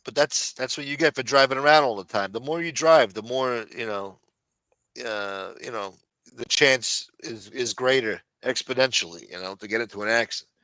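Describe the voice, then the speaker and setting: A man's voice: medium pitch, normal speed, sharp tone, no echo, rough recording. A man chatting on a livestream as a guest, laid-back and full of fillers, often trailing off into mumbles. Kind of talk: casual livestream chat.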